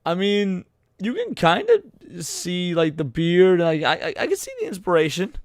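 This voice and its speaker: A man's voice: high voice, wildly swooping pitch, moderate pace, dry recording, studio quality. A man co-hosting a late-night stream, joking around and reading chat messages aloud with frequent stammered restarts. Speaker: VTuber co-host.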